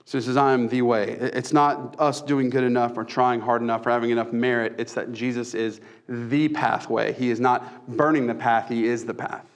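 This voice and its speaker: A man's voice: medium pitch, level tone, moderate pace, few pauses. A young man, preaching a casual sermon with self-deprecating humor. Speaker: pastor.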